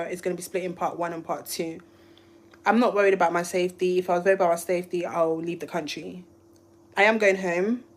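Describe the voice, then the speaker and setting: A woman from the UK, a YouTuber, telling a rambling, emotional story on a live stream. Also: fairly low pitch. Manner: emotional, rambling, restarts often. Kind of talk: casual livestream storytelling.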